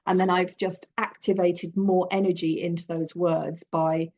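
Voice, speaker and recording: A woman guiding a creative journaling workshop in a gentle, encouraging, loosely conversational way. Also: fairly low pitch, flat delivery, measured pace, lo-fi sound. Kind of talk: guided creative workshop talk.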